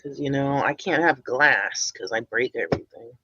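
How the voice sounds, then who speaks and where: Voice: mid-range voice, moderate pace, sharp tone, breathy edge, dry recording, highs cut off. A streamer giving casual, rambling reaction commentary, blunt and swearing often.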